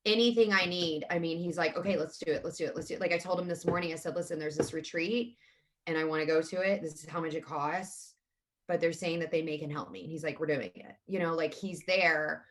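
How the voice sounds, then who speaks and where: A woman's voice: deep voice, fairly even intonation, fairly quick. A woman, speaking openly and earnestly as an interview guest. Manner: open and earnest, talks about feelings frankly. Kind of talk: candid conversational interview.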